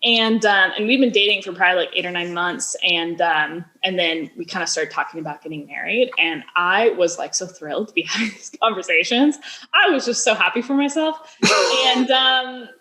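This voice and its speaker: A woman in her thirties speaks as a podcast guest, telling a candid personal story. Her pitch sits in the middle for a woman. She talks in a chatty way, scatters "like" through her sentences and acts out quoted dialogue. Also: normal speed, bright, forceful tone. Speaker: podcast guest, business founder.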